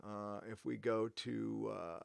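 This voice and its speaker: A man's voice: fairly low pitch, steady tone, takes it slowly, gravelly, clean tone, no echo. A man hosting a casual livestream, talking bluntly and profanely in a loose, rambling way. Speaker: livestream host.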